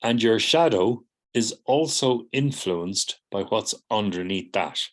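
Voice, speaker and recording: A middle-aged man with a fairly low voice lectures a class of therapy students. He explains step by step, slips into the voices of the people in his examples, and keeps checking in with "do you see?". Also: lively intonation, slow. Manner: acts out students' replies in quoted voices. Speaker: psychotherapy teacher.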